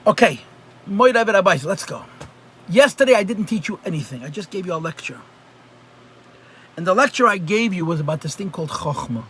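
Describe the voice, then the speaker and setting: Male rabbi, live class over a computer mic; higher-pitched, conversational, repeats himself for emphasis. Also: animated, brisk, long pauses, a bit bright, a little hiss or hum. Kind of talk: live online Chassidus lesson. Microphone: computer mic on a video call.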